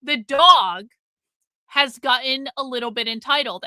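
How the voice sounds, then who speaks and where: A woman hosting a live stream, chatting casually with her audience and telling a rambling, profane story with lively swings in loudness. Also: high voice, measured pace, no room sound. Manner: animated, jumps between loud and quiet.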